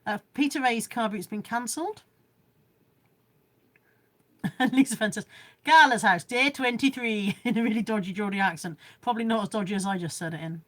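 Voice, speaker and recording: A woman's voice: mid-range voice, fairly quick, pauses often. A woman vlogging live from home, reading out viewer comments in a rambling, chatty way and joking about how little she knows about technology.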